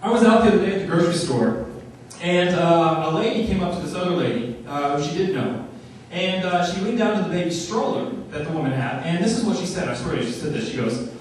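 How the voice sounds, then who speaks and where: Young guy doing deadpan standup, dry and flat, far off mic in a noisy echoey club. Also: a little high. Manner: flat, dry delivery with filler pauses. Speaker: stand-up comedian. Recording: echoey room heard from afar, noisy.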